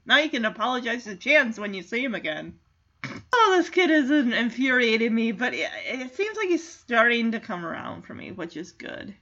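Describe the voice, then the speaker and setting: A woman's voice: on the high side, very animated, normal speed, bright, forceful tone, dull audio. A woman giving a casual, chatty movie recap, reacting as she goes and leaning on "like" a lot. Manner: chatty, reactive, heavy use of "like".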